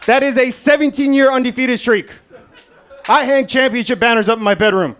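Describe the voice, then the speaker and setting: A young American man works through a stand-up set at an open mic, speaking in a notably high register. His delivery is dry and deadpan, crude and self-mocking. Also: brisk. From United States. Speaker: stand-up comedian. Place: comedy club stage, Las Vegas.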